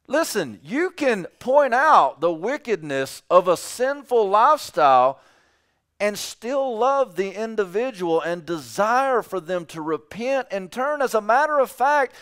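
A man preaching a sermon with a high, clear, smooth voice. He speaks slowly and emphatically, and repeats his phrases for weight. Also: very animated, a bit bright. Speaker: pastor.

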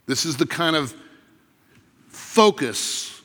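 A man preaching a sermon as pastor, earnest and emphatic, with dramatic pauses. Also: a little high, animated, bright, forceful tone, in a large hall.

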